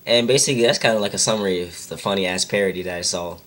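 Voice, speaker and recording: Rambling young man with a low voice. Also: racing, fairly bright tone. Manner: rambling, many "like"s, self-correcting. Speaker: vlogger. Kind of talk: casual retelling.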